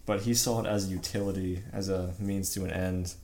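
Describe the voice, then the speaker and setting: Low-voiced male podcast co-host, laid-back and halting, casual swearing. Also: a little hiss or hum. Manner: relaxed, halting, profane. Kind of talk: casual gaming chat.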